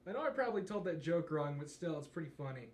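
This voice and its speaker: Young male co-host, slightly high voice, rambling joke-teller, edgy casual banter. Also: big pitch swings, quick pace, roomy sound. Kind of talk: casual chat.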